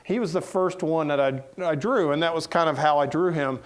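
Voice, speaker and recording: A man's voice: a little high, brisk. Folksy Southern man telling stories. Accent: Southern American. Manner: folksy, joking, animated anecdotes. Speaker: editorial cartoonist giving a talk. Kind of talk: casual storytelling talk. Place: lecture room before an audience.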